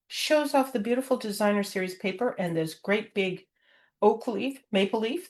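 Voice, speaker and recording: A woman's voice: medium pitch, moderate pace. A woman giving a rambling, friendly card-making tutorial, full of fillers and chuckles. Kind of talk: chatty craft tutorial.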